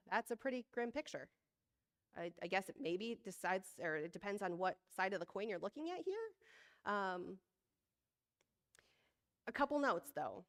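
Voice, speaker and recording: A woman leading a church service, giving a conversational, self-deprecating sermon with frequent laughs, slowing down when reading scripture aloud. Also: medium pitch, sing-song. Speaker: service leader.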